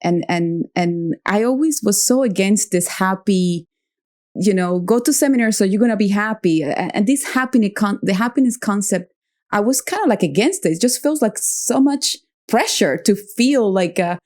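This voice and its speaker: A woman hosts an interview podcast and talks through her thoughts in a reflective way. She pauses to search for words and laughs easily. Her voice sits at a middle pitch. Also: expressive, darkish tone. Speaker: podcast host.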